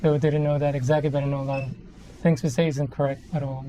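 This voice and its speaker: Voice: medium pitch, little pitch movement, quick pace, dark tone, a little hiss or hum. Voix douce, philippin. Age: 30s. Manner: rambling, self-correcting, explanatory. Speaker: live streamer. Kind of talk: casual live-stream chat while building a model kit.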